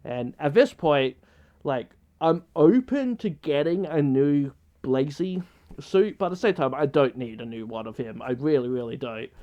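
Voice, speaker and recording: A man's voice: a little high, unhurried, dark tone, highs cut off. A man vlogging in an unscripted casual chat, rambling and hesitant with many restarts.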